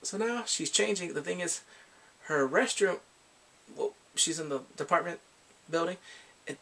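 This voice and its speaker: A man casually recapping a TV drama with animated, laughing storytelling. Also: fairly high pitch, unhurried, gravelly. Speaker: drama reviewer.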